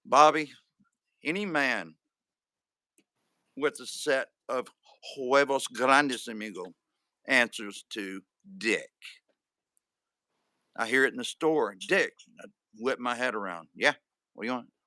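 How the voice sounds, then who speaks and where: A man's voice: medium pitch, takes it slowly, long pauses, sharp tone, dry recording. A man hosting a live stream in casual chat, joking and reading out viewer comments. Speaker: livestream host.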